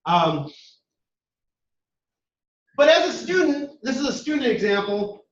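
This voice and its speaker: In an echoey classroom recorded with dull lo-fi quality, a workshop instructor with a very high voice speaks slowly, his pitch swinging widely. He addresses the room directly and conversationally, taking questions as he goes.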